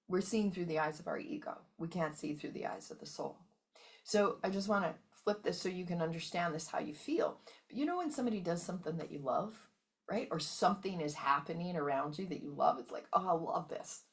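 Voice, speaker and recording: A woman hosting a motivational wellness talk, emphatic and often checking in with her listeners. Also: on the low side. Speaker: wellness coach and host.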